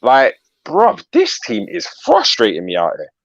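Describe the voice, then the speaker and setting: A man co-hosting a live fan reaction stream, telling stories in animated slang. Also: mid-range voice, a little slow, no echo, muffled recording. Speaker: co-host.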